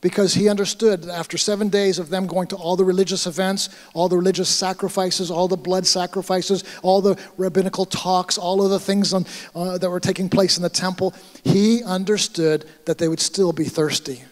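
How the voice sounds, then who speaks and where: Speaking briskly, a high-pitched man from the United States preaches to his congregation as their pastor, bringing the conversations in his story to life with animated energy. His American voice echoes through the church hall, leaving a long reverb trail.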